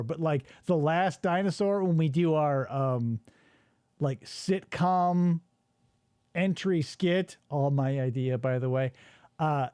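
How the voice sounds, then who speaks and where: A man's voice: on the high side, a little mellow, dry recording, clean studio sound. A man hosting a podcast, riffing in casual chat and swearing freely. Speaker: podcast host.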